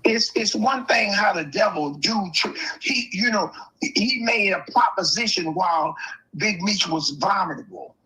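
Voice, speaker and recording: Man w a sharp bright voice, opinionated, steady. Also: high-pitched, unhurried, rough recording. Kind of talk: casual chat.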